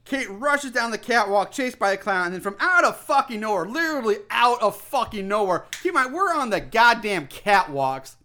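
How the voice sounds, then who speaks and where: A man with a high, bright voice recaps a movie plot in loose, casual podcast chat. He rambles, swears freely and often restarts his sentences. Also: sing-song, normal speed, hardly any pauses. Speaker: podcast co-host.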